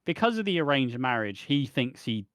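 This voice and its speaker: A man's voice: mid-range voice, sing-song, normal speed, a bit bright, clean tone, no echo. Man, casual podcast co-host, emphatic, dry sound. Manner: swears a lot, emphatic.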